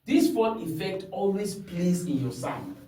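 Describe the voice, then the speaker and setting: Guy teaching singing, talks slow, checks "you get it?" a lot, big echoey room, mic far away. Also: high voice, lively intonation, dark tone. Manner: instructive, checks in often with "hmm?" and "you understand?". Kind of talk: singing lesson with demonstrations.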